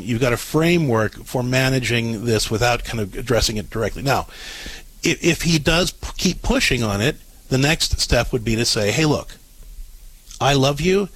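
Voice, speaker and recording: A man with a husky, breathy voice at an ordinary middle pitch gives advice on a call-in show. He explains things step by step and comes back to his main points again and again. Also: a bit bright, no room sound. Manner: direct, explanatory coaching with repeated instructions. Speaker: radio advice show host.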